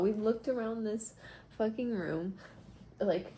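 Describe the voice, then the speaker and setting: A woman's voice: on the high side, animated, slow, mellow, husky. A woman chatting in a casual vlog from a hotel room, rambling with lots of fillers and swearing freely. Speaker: vlogger.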